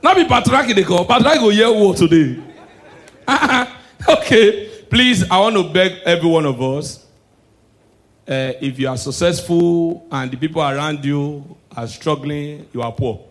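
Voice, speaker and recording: A young man with a Nigerian accent doing live stand-up comedy, excitable and shouting his punchlines. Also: a little high, measured pace.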